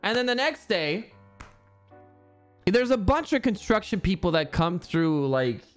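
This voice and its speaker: Casting: young man, streamer, loose rambling chat, cusses freely, slightly high voice, faint music underneath. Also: expressive, a little slow. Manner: rambling, swears freely, many fillers. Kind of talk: casual chat while gaming.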